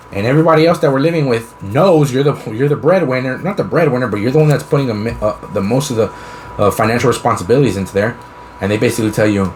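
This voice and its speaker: A young man hosts a laid-back podcast, talking at an ordinary middle pitch. He rambles through long what-if scenarios and swears freely. A faint hum of room ambience sits behind him. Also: fast, darkish tone. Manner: rambling, profane, spins long hypothetical scenarios. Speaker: podcast host. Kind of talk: casual chat.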